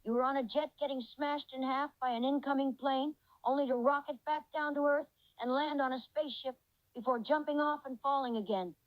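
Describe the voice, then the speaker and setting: A woman's voice: sits high, fairly even intonation, fairly quick, no room sound, muffled recording, close to an everyday voice. A woman's synthetic voice playing a cheerful reindeer companion in an AI chat role-play, effusive and full of praise. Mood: amused. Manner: effusive, reads out its own laughter cues.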